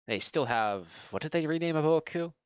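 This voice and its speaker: A man's voice: a little high, lively intonation, fairly quick, smooth, dry recording. A man chatting casually as a tabletop game player, rambling with lots of fillers. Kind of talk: casual in-character chat over voice call.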